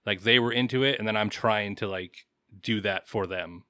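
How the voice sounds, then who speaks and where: A man's voice: on the low side, moderate pace, bright, forceful tone, dry recording, clean studio sound. A man co-hosting a podcast in casual chat, rambling and hedging with fillers, laughing at his own jokes. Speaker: podcast co-host.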